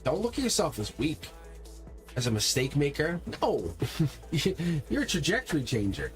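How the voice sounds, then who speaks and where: A man's voice: fairly high pitch, moderate pace. A man giving a live tarot reading, talking emphatically and directly to his viewers. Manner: energetic, emphatic, talks straight to viewers. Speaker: tarot reader. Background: faint music.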